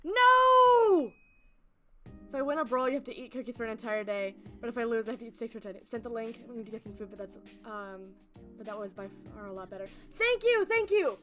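A woman game streamer chatting excitedly with her viewers while playing, laughing often. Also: a little high, very fast, soft background music. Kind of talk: excitable live-stream chat.

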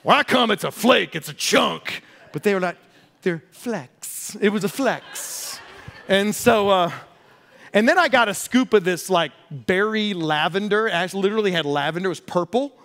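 A middle-aged man, a pastor, preaching a sermon with animated storytelling and humor. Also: sits high, brisk, gravelly.

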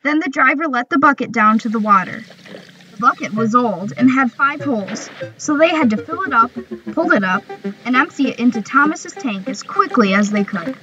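A woman narrating a children's railway story in a gentle, measured reading voice. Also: on the high side, animated, muffled recording. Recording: music bed behind the voice. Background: background music.

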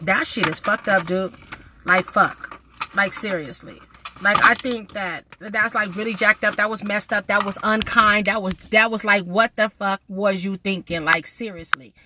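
A woman's voice: medium pitch, fairly even intonation, moderate pace, noisy background. A woman, ranting to her camera in a blunt, indignant vlog full of swearing. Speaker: vlogger. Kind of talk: casual vlog rant to camera.

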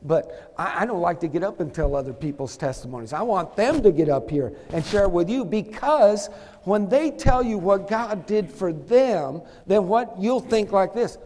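A man's voice: sits high, lively intonation, moderate pace, mellow, in a large hall. A man preaching a sermon as pastor, emphatic, calling on the congregation to answer back. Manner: emphatic, calls for congregation responses. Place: church sanctuary.

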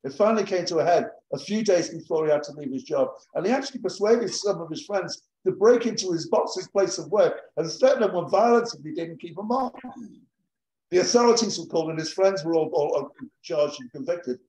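A man's voice: high-pitched, expressive, a little fast, dark tone, echoey room, low-quality recording. A man at an open mic reading a satirical advice letter aloud in a dry storytelling manner.

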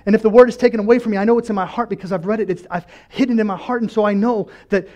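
A man pastor delivering an impassioned sermon, swinging between loud pleading and quiet lows, laughing often. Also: fairly even intonation, rapid-fire, highs cut off. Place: church.

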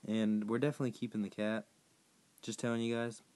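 A hoarse man who has partly lost his voice, chatting casually to viewers as he plays a game and sets tasks for them. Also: on the low side, little pitch movement, a little fast, darkish tone. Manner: rambling, chatty, addressing viewers directly. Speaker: gaming YouTuber. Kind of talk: casual gameplay commentary.

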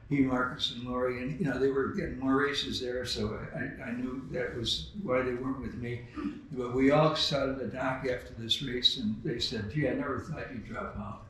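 A man's voice: medium pitch, fairly bright tone, recorded from a distance, slight background noise. An older man telling sailing anecdotes at a memorial, often laughing as he talks. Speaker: memorial speaker, skipper. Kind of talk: storytelling eulogy. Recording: very echoey hall.

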